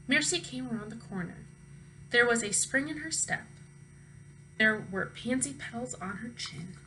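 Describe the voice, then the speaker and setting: A woman teacher reading a children's book aloud expressively, pausing to ask her young listeners questions. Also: a little high, animated, sharp tone, slight background noise, rough recording.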